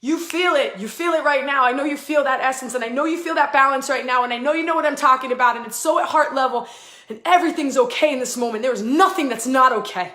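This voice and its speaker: A woman hosting a live spiritual channeling session, fast and emphatic, with swearing, and breaking into chanted invented syllables. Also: high-pitched, pushed and bright. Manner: fast, emphatic and effusive, with profanity; chants stretches of made-up syllables. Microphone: live online video stream. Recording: echoey room.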